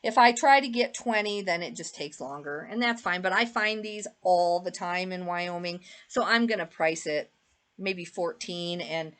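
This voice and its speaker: A woman's voice: fairly low pitch, normal speed, fairly bright tone. Woman, middle-aged, chatty, rambling, casual haul talk, frequent ums. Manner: chatty, rambling, many fillers. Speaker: eBay reseller showing a thrift haul.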